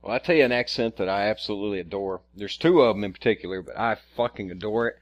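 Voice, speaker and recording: A man's voice: lowish voice, fast, dull audio. A man co-hosting a podcast in casual chat, rambling and profane, stammering and restarting often. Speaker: podcast co-host.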